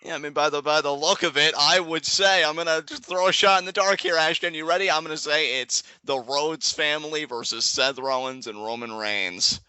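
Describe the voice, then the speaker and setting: Excitable young man, bright crisp voice. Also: a little high, brisk, few pauses, dry recording, dull audio. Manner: excitable, laughs often, rambling restarts. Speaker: guest co-commentator. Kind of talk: casual live reaction chat.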